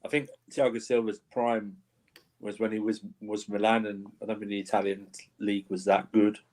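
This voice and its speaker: Rambling man, lowish voice. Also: level tone, normal speed, darkish tone. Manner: rambling, hesitant, checks in with listeners. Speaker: panelist. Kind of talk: casual sports chat.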